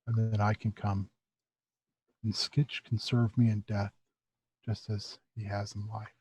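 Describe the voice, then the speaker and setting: A man voicing a robed stranger who speaks quietly and low, in a measured, ominous way. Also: level tone, slightly rough, no room sound, lo-fi sound. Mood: menacing.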